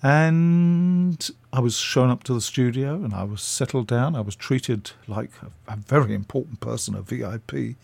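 A man's voice: mid-range voice, normal speed, creaky, a little mellow, no room sound. An older man from England, a radio interview guest, telling chatty stories with fillers.

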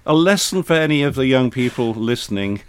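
A man's voice: mid-range voice, expressive, a little fast, slight background noise. An older man, a retired air force officer, reminiscing in an interview with dry humour. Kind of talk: reminiscing in conversation.

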